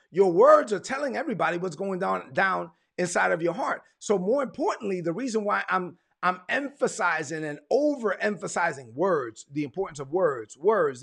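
A man from Brooklyn, preaching a sermon in an emphatic, repetitive way and slowing down to stress his points. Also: high-pitched, gravelly, a bit bright, breathy edge. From Brooklyn, United States.

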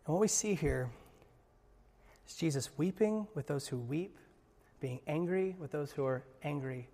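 Male pastor, sermon, high voice, long hall reverb, earnest with jokey asides. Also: animated, unhurried. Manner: earnest, jokey asides, swings from loud to hushed. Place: church hall.

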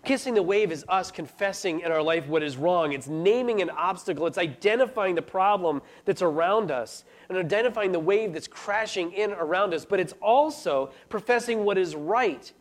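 A man with a notably high voice delivers an earnest sermon. He preaches steadily, then presses into urgent, rising pleas. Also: expressive, normal speed, few pauses. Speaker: pastor.

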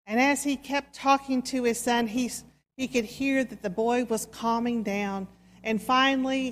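A woman preacher tells a sermon story slowly and softly, with dramatic pauses. Her voice sits fairly high, and it rings with the long reverb of a church. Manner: slow, soft, dramatic storytelling. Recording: reverberant hall.

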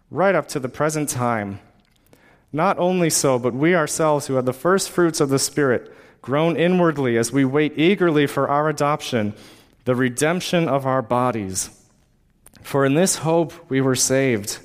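Preacher man with a higher voice. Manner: builds to fervent exhortation with rhetorical questions. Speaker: pastor. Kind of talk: sermon.

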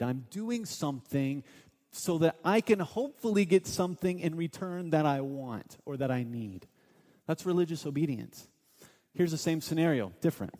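A man's voice: on the high side, warm tone. Man preaching in a reverberant sanctuary. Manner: earnest, acts out quoted voices in his storytelling. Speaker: pastor. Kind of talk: sermon. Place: church sanctuary. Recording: long hall reverb.

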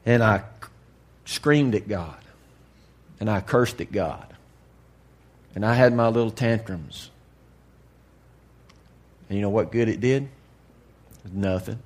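A man preaching to a congregation in a candid, folksy way, dropping to a hush and then rising to loud emphasis. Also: on the low side, slow, pauses often. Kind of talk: sermon.

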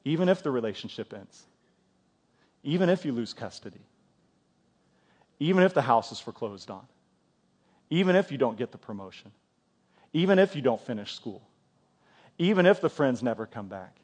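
A man's voice: mid-range voice, big pitch swings, moderate pace, pauses often, darkish tone, slightly rough. A middle-aged man preaching a sermon in a church, conversational, often repeating words and asking the congregation questions. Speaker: pastor.

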